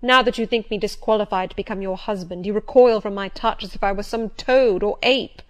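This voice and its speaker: A passionate, agitated gentleman from an audiobook, pleading and insisting loudly, as a woman reader puts him on. His delivery is vehement and pressing, a little higher and louder than the calm narration around it. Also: a little fast, close to an everyday voice. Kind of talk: audiobook character voice.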